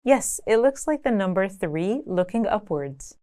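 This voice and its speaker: A woman giving a scripted language lesson, speaking clearly and deliberately, slowing down to say example words. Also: medium pitch, expressive, mellow. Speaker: language teacher.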